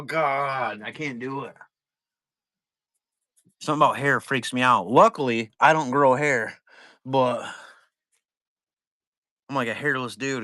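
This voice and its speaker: A trading card break seller chats casually on a livestream, laid-back and rambling, swearing plenty as he goes. He has a bright, forward, mid-range voice, and the audio is dry and close with no room sound.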